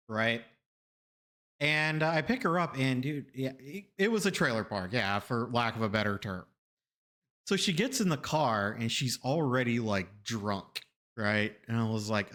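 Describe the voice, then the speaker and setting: A bright, forceful man from Florida telling a story to his stream chat. He repeats phrases and rambles. He leaps into high, loud voices when he quotes the people in his stories. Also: measured pace. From Florida, USA. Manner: animated, rambling, repeats himself, laughs often. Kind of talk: casual storytelling to a live chat.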